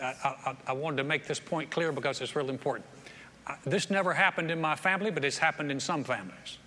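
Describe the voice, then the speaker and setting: Preacher, male, bright and ringing, folksy storyteller; reverberant church hall, faint room noise. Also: on the high side. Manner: folksy storytelling with humor, repeats words. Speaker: pastor. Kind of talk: sermon. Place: church sanctuary with live audience.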